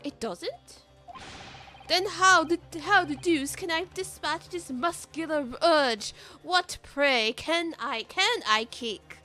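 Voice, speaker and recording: A woman voicing a boastful, eccentric gentleman detective in a game, theatrical and loud in manner. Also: sits high, slow pace, faint music behind, voice pushed up, full character voice. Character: pompous eccentric man, grandiose celebrity detective. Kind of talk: reading game dialogue aloud.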